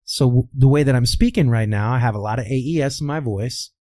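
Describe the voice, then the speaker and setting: This voice coach from the American Midwest speaks a little fast in a mellow, medium-pitched voice with no room sound. As an interview guest, he explains in a teacherly way, asking rhetorical questions and answering them himself.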